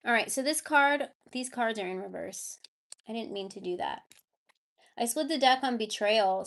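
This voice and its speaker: A woman giving a live tarot reading, chatting casually with her viewers. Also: a little high. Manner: baby talk to her cat. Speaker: tarot reader.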